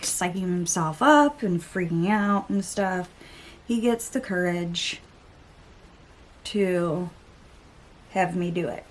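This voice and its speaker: Brief: young woman beauty vlogger, mid-pitched voice, chatty and exasperated, casual get-ready-with-me chat. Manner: chatty storytelling, exasperated asides, some swearing. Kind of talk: casual chitchat while getting ready.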